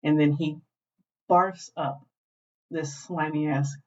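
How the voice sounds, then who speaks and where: A woman co-hosting a podcast, retelling a show in animated, profane casual chat. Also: low voice, slow pace. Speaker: podcast co-host. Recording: dull lo-fi glitchy recording.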